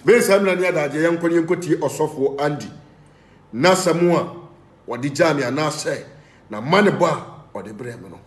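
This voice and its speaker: A man with a Ghanaian accent hosting an online show, lively and urging listeners on. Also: on the high side, moderate pace. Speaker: host. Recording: echoey recording.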